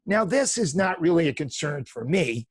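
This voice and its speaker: 50s male podcast host, a touch high-pitched, dry sound, formal intro read with fillers. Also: big pitch swings, moderate pace, breathy edge, no echo. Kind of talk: interview podcast.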